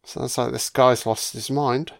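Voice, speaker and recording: A man's voice: medium pitch, steady tone, measured pace, gravelly. A man giving casual, sardonic film commentary full of swearing and jokey asides.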